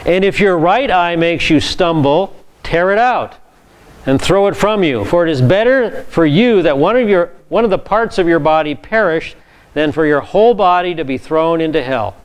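A male pastor teaching a Bible class, reading scripture and explaining it with lively asides. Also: a little high, moderate pace, clean tone.

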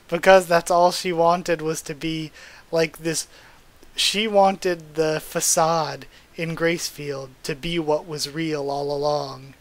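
A young man hosting a comic readthrough, narrating and reacting in an animated, openly emotional way. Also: on the high side, slow. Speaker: channel host reading a comic.

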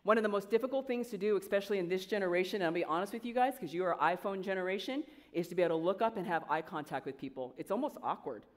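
Energetic woman coach in a reverberant hall. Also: medium pitch, rapid-fire, hardly any pauses. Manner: energetic, conversational, quizzes the audience. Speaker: coach and guest speaker. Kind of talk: motivational speech to students. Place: large event hall with an audience.

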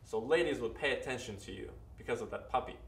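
Sincere and advising, an actor with a Ukrainian accent talks fast in a medium-pitched, slightly bright voice. The casual interview has a roomy sound from a distant mic, and he keeps restarting his sentences.

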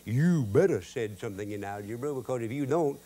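Guy doing a gruff old farmer papa, bossy, folksy. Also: mid-range voice, expressive, brisk, mellow, natural voice. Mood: scolding.

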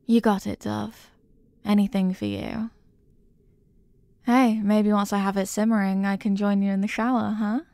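A woman voicing a clingy, possessive young girlfriend in a whispered role-play, soft and doting. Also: mid-range voice, little pitch movement, moderate pace, gravelly, no echo, close to an everyday voice.

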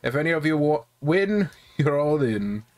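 A man voicing a cocky gang leader, putting on a clumsy, gruff Shrek-like accent while reading game dialogue aloud. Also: on the high side, big pitch swings, moderate pace, a little mellow. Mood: taunting.

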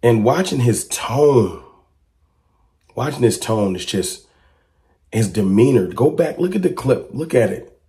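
A man's voice: unhurried, long pauses. A man giving casual fan commentary to camera, talking emphatically and asking a stream of rhetorical questions. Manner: rises to excited high-pitched exclamations when reacting to clips.

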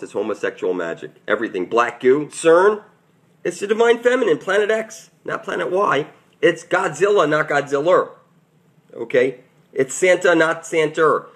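A man delivering a rambling, preachy conspiracy rant straight to his audience, swinging between loud outbursts and muttered asides. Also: sits high. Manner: preachy, emphatic, keeps calling out to 'people'. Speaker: channel host.

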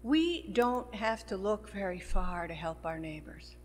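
Woman minister, sermon delivery, unhurried, in a sanctuary with long reverb. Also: mid-range voice, very animated. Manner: slow, measured preaching with rising emphasis. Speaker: pastor. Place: church sanctuary. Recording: long church hall reverb.

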